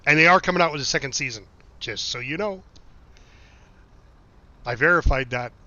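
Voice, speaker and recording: A man's voice: fairly high pitch, moderate pace, pushed and bright. A middle-aged man from the United States, a game streamer who tells rambling, swear-laced anecdotes and reads chat in a casual live-stream chat. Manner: rambling anecdotes, frequent swearing and laughing asides. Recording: dull lo-fi stream mic, dry.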